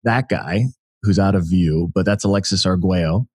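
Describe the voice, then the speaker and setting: An American man in his thirties, a podcast guest telling stories in an animated way, laughing often and restarting his sentences. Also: low-pitched, normal speed, husky, no room sound, clean studio sound. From United States. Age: 30s. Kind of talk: casual interview conversation.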